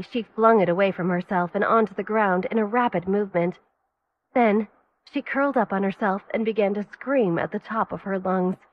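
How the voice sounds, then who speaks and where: A woman giving steady, even scripted narration of an audio story. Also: mid-range voice, muffled recording.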